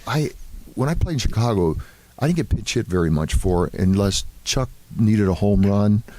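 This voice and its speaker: An older man with a lowish voice tells stories from his playing days at an easy pace, with plenty of "you know" and "um" along the way. The sound is close and dry, with no room around it. He comes across as a guest looking back in a casual interview. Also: normal speed, dry recording. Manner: relaxed anecdotal storytelling with many fillers. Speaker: former baseball player, guest.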